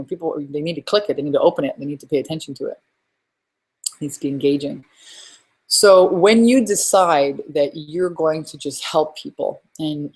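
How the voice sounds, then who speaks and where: A woman hosting a live webinar from home as a business coach, talking in an energetic, rambling, emphatic way. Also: low voice, husky.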